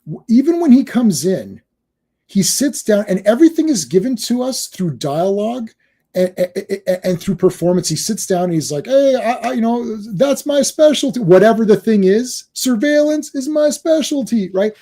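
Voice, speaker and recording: A man talking excitedly about a film in a casual podcast chat, quoting and acting out its scenes. His voice sits high for a man and sounds husky and mellow. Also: moderate pace. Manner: excited, acts out film lines. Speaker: podcast host. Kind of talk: casual movie discussion.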